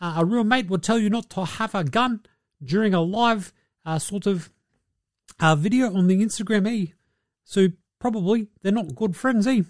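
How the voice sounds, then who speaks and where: A man putting on a soft-spoken New Zealand man who gives friendly advice and ends lines with "eh". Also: high-pitched, moderate pace, no room sound, clean studio sound, voice pushed up, lightly acted. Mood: fatherly advice. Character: laid-back New Zealand rugby-type giant man.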